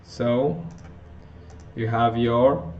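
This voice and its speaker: A man teaching an intonation lesson, working through example sentences slowly, often restarting and correcting himself. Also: medium pitch, steady tone, lo-fi sound. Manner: slow, halting, with frequent restarts and self-corrections. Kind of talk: phonetics lesson explanation.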